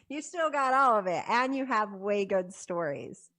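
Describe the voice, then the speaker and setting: Woman interview host: encouraging, lively pitch. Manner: encouraging, quick to laugh. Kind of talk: casual interview.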